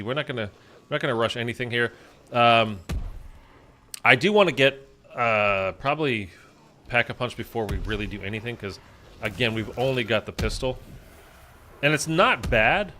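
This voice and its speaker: A man's voice: medium pitch, pushed and bright. A man chatting casually while he plays a zombie shooter, rambling with lots of fillers. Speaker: gaming YouTuber. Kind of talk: casual gameplay commentary.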